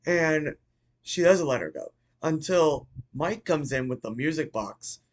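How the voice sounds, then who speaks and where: An excitable man recapping a horror movie for his channel, wandering through the story with restarts, swearing and quick apologies. His voice sits a bit high, and he talks at a slow, easygoing pace. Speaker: YouTuber reviewing a movie. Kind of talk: casual rambling movie recap.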